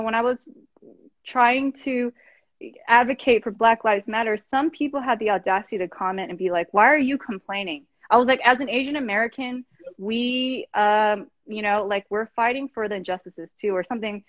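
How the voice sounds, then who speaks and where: A woman's voice: fairly high pitch, dry recording, lo-fi sound. A woman hosting a casual chat, talking in an impassioned, frustrated way with many restarts, over a video call. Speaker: host.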